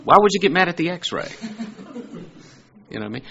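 Gravelly, husky male preacher, lo-fi. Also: a little high, sing-song, a little fast, long pauses, pushed and bright. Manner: conversational, asks rhetorical questions, rises to emphatic peaks. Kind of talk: sermon.

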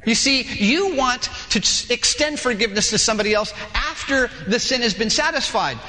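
A male pastor preaching a sermon in a lively way, acting out dialogues in different voices, in a large church hall. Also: extremely high pitch, moderate pace. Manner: animated, acts out dialogues with shifting voices. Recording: long hall reverb.

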